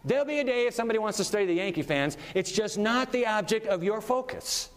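A man preaching a sermon in a lively, conversational style, chuckling often as he goes. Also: sits high, quick pace. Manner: animated, conversational, laughs often. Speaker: pastor. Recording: long reverb of a big hall.

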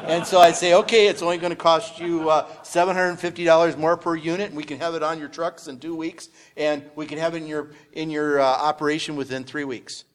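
A man's voice: on the high side, little pitch movement, brisk, few pauses. A middle-aged man telling a business story on a panel, rambling and restarting with many fillers. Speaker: business owner sharing testimony.

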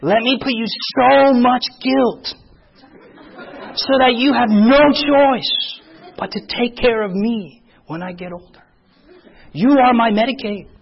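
A man voicing a guilt-tripping aging immigrant parent who speaks in slow, emphatic demands. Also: very high voice, vocal fry, highs cut off, some chatter behind, voice pushed up, full character voice. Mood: demanding.

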